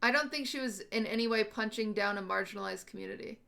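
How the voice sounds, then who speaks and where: A woman's voice: mid-range voice, quick pace, vocal fry, fairly bright tone. A woman hosting a livestream, thinking aloud to her chat in a casual, questioning and unsure way. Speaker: livestream host.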